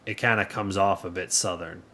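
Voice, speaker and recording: A male streamer talking through a game and reading chat aloud, sarcastic and chatty. His voice sits on the low side, with faint noise underneath. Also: fairly even intonation, normal speed, sharp tone. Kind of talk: casual live gameplay commentary.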